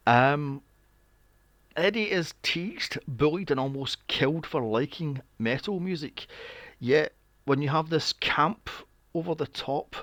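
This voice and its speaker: A man's voice: on the high side, expressive, takes it slowly, a bit bright, no room sound. A young man recapping a film on a podcast, sarcastic and swearing freely with mocking asides. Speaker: podcast co-host. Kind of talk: casual movie recap chat.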